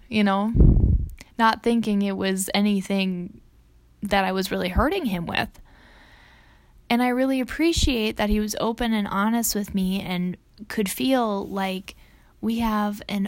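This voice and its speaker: A woman's voice: fairly high pitch, no room sound. A young adult woman hosting a podcast, talking casually and earnestly, acting out quoted lines as she goes. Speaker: podcast host. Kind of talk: casual personal talk.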